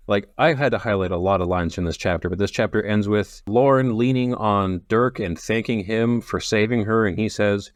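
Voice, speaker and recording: Easygoing guy cohosting a book podcast, low-ish voice, says like a lot, dry close mic. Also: moderate pace, hardly any pauses, no room sound. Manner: relaxed, laughs easily, uses 'like' often. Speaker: podcast co-host. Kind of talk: casual book-discussion chat.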